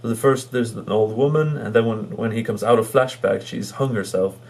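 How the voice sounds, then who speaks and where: Halting, amused man with a low voice. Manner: halting, full of fillers and restarts; amused, chuckles while recounting jokes. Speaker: movie reviewer. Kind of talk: casual spoken movie review.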